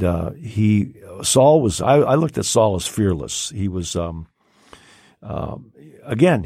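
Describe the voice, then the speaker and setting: Older guy, deep low voice, rambly storytelling with lots of uh's, dry close mic. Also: dark tone, dry recording. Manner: rambling, many fillers and restarts. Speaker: podcast guest. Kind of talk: casual storytelling.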